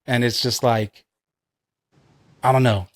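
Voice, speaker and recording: Brief: male podcast co-host, average pitch, dry close sound, swears freely, drifts off on tangents. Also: fairly even intonation, slow pace, no room sound. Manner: loose, profane storytelling with tangents. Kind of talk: casual chat.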